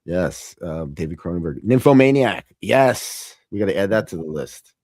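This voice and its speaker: Male host, low voice, dry close sound, casual rambling film chat, frequent laughs. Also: expressive, moderate pace, darkish tone, no room sound. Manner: rambling, laughs often, trails off and restarts. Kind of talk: casual podcast chat about films.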